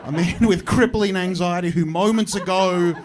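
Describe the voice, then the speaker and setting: A man's voice: sits high, normal speed, noisy background. An Australian man doing a stand-up comedy set, telling a self-deprecating story and acting out voices. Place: comedy club stage with live audience.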